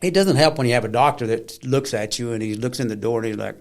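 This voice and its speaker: A man's voice: medium pitch, fast talker. A middle-aged man telling stories as an interview guest, often acting out the voices of people he quotes. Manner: animated storyteller who acts out quoted voices. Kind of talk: conversational interview storytelling.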